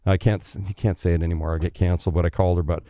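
A middle-aged man from Canada, a former pro hockey player, telling stories in a casual, animated way, swearing freely and acting out the people he quotes. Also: deep voice, rapid-fire, no room sound, studio quality. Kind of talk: casual storytelling.

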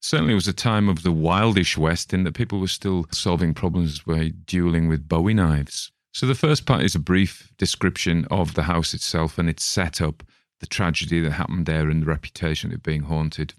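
Deep-voiced guy rambling on his podcast, chatty, keeps going off on tangents, dry close sound. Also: moderate pace, no echo. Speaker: podcast host. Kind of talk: casual chat about a story.

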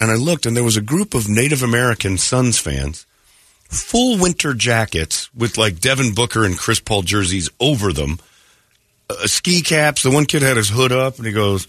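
A man's voice: mid-range voice, big pitch swings, moderate pace, very noisy. A man hosting a morning radio show, rambling through casual stories and acting out what people said. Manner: rambling storyteller, acts out quotes. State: clearing throat. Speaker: radio host. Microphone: studio mic.

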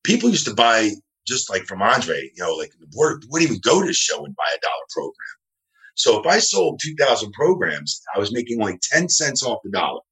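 A man's voice: medium pitch, very animated, fairly quick, a bit bright. A man, a referee telling rambling anecdotes from home over a video call and acting out the voices of the people he quotes. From New Jersey, USA. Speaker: wrestling referee, guest. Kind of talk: casual interview storytelling. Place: his home.

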